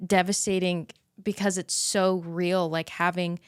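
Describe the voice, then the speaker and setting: A woman hosting a podcast, asking gentle and empathetic questions. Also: on the low side, flat delivery, unhurried, clean tone, dry recording, clean studio sound. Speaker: podcast host. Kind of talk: interviewing.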